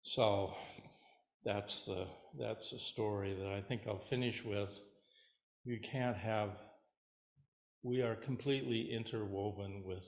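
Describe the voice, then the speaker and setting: A man as Zen teacher giving a dharma talk in a relaxed, rambling, hesitant way, at a meditation center. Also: on the low side, slow, long pauses. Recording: roomy hall echo.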